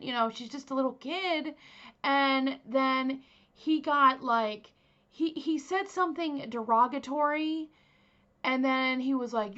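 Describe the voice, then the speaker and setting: A woman's voice: sits high, slow, bright, forceful tone, lo-fi sound. A young woman casually telling a true crime story as host, chatty, with many fillers and asides to her viewers.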